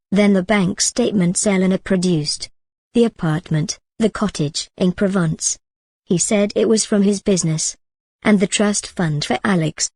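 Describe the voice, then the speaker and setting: A woman storyteller giving a scripted narration of a dramatic story in an even, unhurried way. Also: medium pitch, dry recording.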